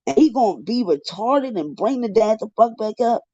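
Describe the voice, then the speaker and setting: A man's voice: high-pitched, expressive, moderate pace, dark tone, dry recording. A man giving heated, profane live commentary, ranting in an exasperated way on a livestream. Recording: dull lo-fi dry livestream audio.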